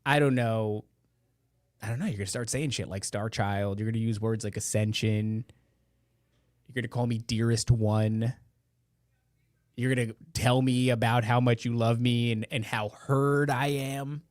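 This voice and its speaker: A man hosts a live podcast in a loose, rambling way, full of profanity and sarcastic rants. His voice sits in a middle pitch. The sound is dry and close, with no room echo. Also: flat delivery, normal speed, long pauses, darkish tone. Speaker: podcast host. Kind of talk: casual live podcast chat. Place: indoor room beside a meeting room. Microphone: headphones and close studio mic.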